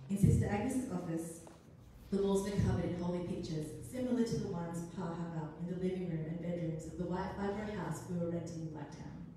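A woman's voice: lowish voice, fairly quick. A woman, a writer, reading her own story aloud expressively at a live arts event. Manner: expressive, first-person storytelling. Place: arts centre event room. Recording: echoey room, distant mic, faint noise.

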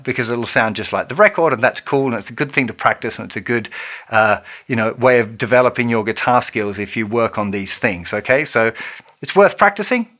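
A man teaching a guitar lesson in a relaxed, chatty way, counting beats aloud as he plays. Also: medium pitch. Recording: loud guitar under the voice. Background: electric guitar playing.

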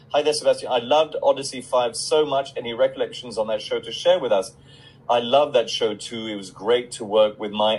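A man's voice: on the low side, husky, poor audio. A middle-aged man on a casual live stream, reading out fan questions and answering them in a chatty way with many fillers.

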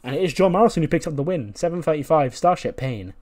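A man's voice: on the high side, animated, quick pace, a little mellow. A man casually narrating and commenting on his wrestling management game. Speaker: let's-play host.

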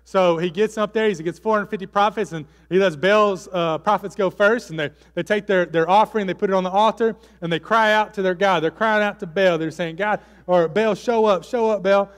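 A man's voice: high voice, a little fast, hardly any pauses, a bit bright, long reverb tail. A man preaching a sermon as pastor, telling the story casually with fillers and acting out the quotes. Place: church hall.

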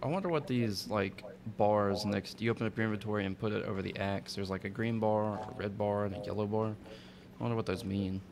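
Gaming streamer, male, low gravelly voice, relaxed banter, noisy stream audio. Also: a little fast. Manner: relaxed, easily startled, mild exclamations. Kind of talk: casual gameplay chat.

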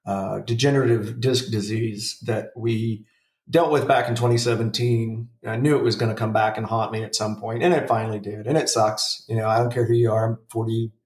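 A man's voice: on the low side, little pitch movement, fairly quick, darkish tone, roomy sound, recorded from a distance. A man in his forties telling a rambling, profane story in a casual podcast chat. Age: 40s. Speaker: podcast co-host.

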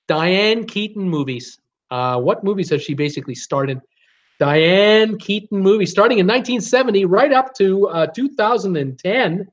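A man's voice: high-pitched, dull audio. A man hosting a casual live-stream trivia game, chatty, reading out viewer names and answers with lots of fillers.

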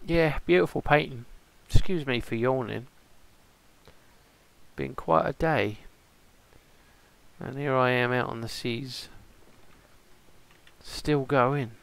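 A man's voice: mid-range voice, takes it slowly, vocal fry, pauses often, a bit bright, clean tone. A man playing an easygoing male pirate in a game role-play stream, rambling and musing aloud to himself. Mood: chatty.

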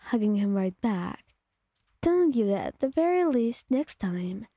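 A woman with a breathy voice telling a calm second-person story in soft ASMR narration, close to the mic. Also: medium pitch, no room sound.

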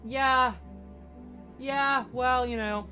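A woman giving casual, excitable commentary while playing a video game, swearing and shrieking at what happens on screen. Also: high-pitched, extremely slow. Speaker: let's play gamer. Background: game music.

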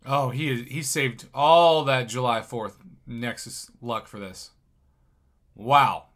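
A man commentating on someone else's game crystal openings, excitable and jokey, with sudden loud bursts of surprise. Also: medium pitch, slow pace. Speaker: gaming commentator.

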